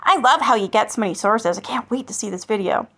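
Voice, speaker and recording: A woman's voice: medium pitch, lively intonation, quick pace, bright, forceful tone, slightly rough. A woman hosting a commentary channel, reading online comments aloud and answering them with sarcasm and swearing. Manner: sarcastic and scornful, swears freely.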